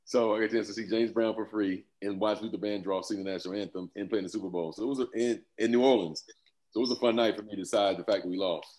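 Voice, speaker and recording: A man with a very low voice talks through his old playing days, loose and rambling, breaking into laughs. He is in his fifties and speaks as a guest in a casual interview. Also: steady tone, very fast, a little mellow. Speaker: former pro football player, guest.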